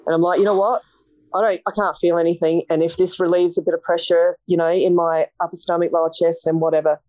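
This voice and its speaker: A woman's voice: on the low side, flat delivery, quick pace, darkish tone. An Australian woman, a podcast guest, telling a story in a casual interview, blunt and vivid, acting out the quoted dialogue.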